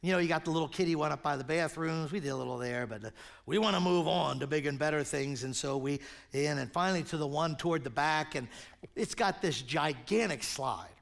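Older male pastor in his sixties with a high, gravelly voice, animated sermon storyteller. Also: a little fast.

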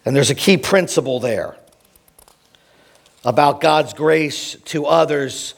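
Guy preaching, pretty high voice, gets loud then drops way down. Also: a little slow, creaky. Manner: animated preaching, swings between emphatic and hushed. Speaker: pastor. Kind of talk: sermon.

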